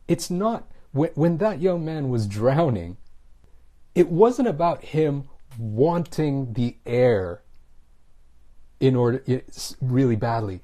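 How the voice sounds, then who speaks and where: Male English coach, mellow tone, emphatic motivational delivery, repeats points for stress. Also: mid-range voice. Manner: emphatic, repeats key phrases, slows down for stress. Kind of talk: motivational teaching monologue.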